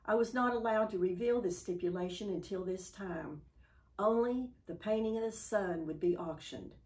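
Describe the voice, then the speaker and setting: Woman doing a male auctioneer, persistent, firm, measured bid-calling, storytelling. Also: mid-range voice, a little mellow, lightly acted. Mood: insistent.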